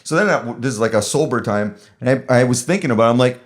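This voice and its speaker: A man's voice: medium pitch, fast. A man on a podcast telling rambling stories in casual chat, swearing and laughing as he goes. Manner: animated, swearing, laughing storyteller. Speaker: podcast co-host.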